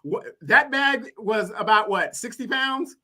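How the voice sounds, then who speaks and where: A man's voice: very high-pitched, animated, a little slow, pushed and bright. A man co-hosting a live talk stream, playfully teasing his co-host. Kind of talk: casual live-stream chat.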